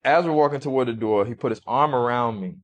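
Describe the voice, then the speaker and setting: Male interview guest, mid-pitched voice, halting, hesitant storytelling. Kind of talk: recounting a personal story in an interview.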